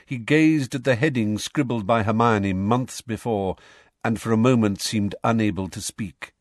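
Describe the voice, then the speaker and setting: A man reading a storybook aloud in an expressive, measured way. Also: fairly low pitch, dry recording, studio quality. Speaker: audiobook reader. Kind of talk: storybook narration.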